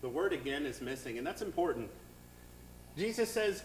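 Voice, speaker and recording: A man's voice: fairly high pitch, very animated, normal speed, reverberant, in a large hall, slight background noise, low-quality recording. A man preaching a sermon as pastor, talking with the congregation in a conversational way and often asking "right?". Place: church sanctuary.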